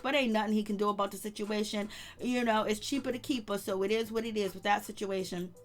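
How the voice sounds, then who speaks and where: A middle-aged woman in a chatty, gossipy recap, rattling off who said what and slipping into quoted lines with relish. Her voice sits a touch higher than most women's. She keeps it loose and conversational throughout. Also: fairly bright tone. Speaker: reality TV recap commentator. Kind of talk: casual recap monologue.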